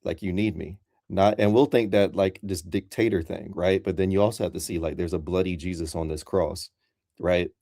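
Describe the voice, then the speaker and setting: This man's voice sits low with a steady, dark tone and a moderate pace. He calls in as a Christian for a casual debate, rambling and using plenty of fillers, and the recording is dry and of studio quality.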